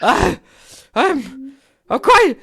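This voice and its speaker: Casting: player doing a high, loud, stammering shopkeeper woman, prim and quick to panic. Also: very animated, a crowd in the background, full character voice. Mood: panicked. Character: jittery female potion shopkeeper, prim, easily panicked.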